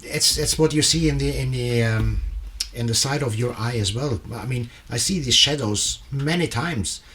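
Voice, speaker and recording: A male interviewer speaks in an agreeable, searching way, pausing with ums and restarts as he shares his own experiences. His voice sits in an ordinary middle register. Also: mid-range voice, a bit bright. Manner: agreeable, hesitant, many fillers. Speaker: interviewer host. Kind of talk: conversational interview.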